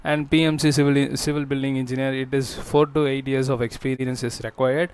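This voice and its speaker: A man hosting a job-listings channel, talking through a screen walkthrough in a halting way with frequent fillers and restarts. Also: medium pitch, little pitch movement, darkish tone, slight background noise.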